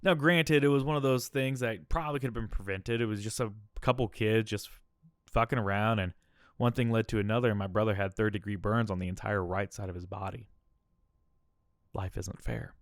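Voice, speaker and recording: A man's voice: fairly low pitch, steady tone, a little fast, no room sound, clean studio sound. A young man hosting a podcast, telling a candid and emotional personal story, often checking in with "all right?". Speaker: podcast host.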